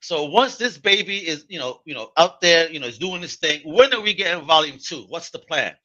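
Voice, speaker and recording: A man from Puerto Rico hosting a casual interview podcast, enthusiastic and quick to laugh. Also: on the high side, expressive, sharp tone, muffled recording. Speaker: podcast host.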